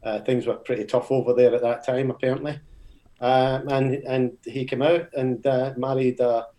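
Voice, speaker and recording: An older man from Scotland, a football coach speaking as an interview guest. His voice is mellow and soft-edged, and he talks in a modest, unhurried way, pausing often to think. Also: mid-range voice. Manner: modest, relaxed, reflective, many fillers. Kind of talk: casual interview chat.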